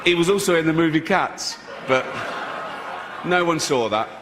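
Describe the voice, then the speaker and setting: A male stand-up comedian in full routine, mocking and sweary, his voice swooping up and down and sitting a touch high. A long hall reverb rings around him, with faint noise under it. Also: normal speed. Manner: mocking, animated delivery with sweary asides. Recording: stage mic in a reverberant venue, faint noise.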